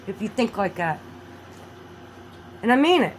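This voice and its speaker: A woman vlogging a rambling monologue, animated, swinging between loud outbursts and low mutters. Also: a little slow, slight background noise, rough recording.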